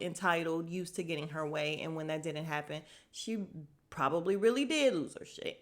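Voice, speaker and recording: Sassy woman recapping reality TV. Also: on the low side. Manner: animated, sassy, mocks people's quotes in put-on voices. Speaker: podcast host. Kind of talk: casual TV recap commentary.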